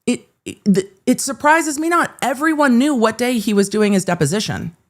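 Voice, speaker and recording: A woman's voice: fairly high pitch, animated, moderate pace. A woman hosting a live-streamed legal commentary show, reading court filings aloud and breaking in with sarcastic, exasperated asides.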